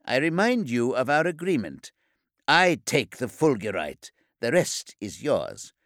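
A man's voice: mid-range voice, big pitch swings, a little slow, fairly bright tone, dry recording, studio quality. A man voicing a scheming male warrior-preacher who insists on his bargain, in an audiobook reading. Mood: insistent.

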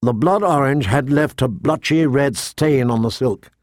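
This is an audiobook reading by a man whose pitch sits in the middle. His storytelling is measured yet expressive, captured as clean studio sound without any room tone.

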